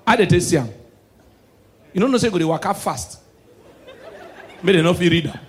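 Nigerian male stand-up comic, high voice, loud and animated on stage. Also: brisk. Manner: loud, animated punchlines mixing Pidgin and English. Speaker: stand-up comedian. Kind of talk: stand-up comedy. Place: live stage show.

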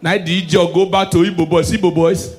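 A male stand-up comedian with a Nigerian accent, moving between shouted punchlines and low preachy asides. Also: little pitch movement, fast.

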